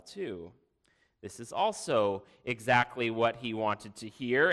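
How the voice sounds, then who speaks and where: A man's voice: medium pitch, sharp tone. A man giving a sermon, telling a story in a dramatic storytelling way. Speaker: preacher. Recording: long hall reverb.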